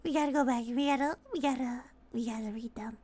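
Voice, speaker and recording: A woman streamer chatting casually on a livestream, excitable and foul-mouthed, often breaking into shouts and laughter. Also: on the high side, fast talker, no room sound. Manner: excitable, swears a lot, bursts into shouting and laughter.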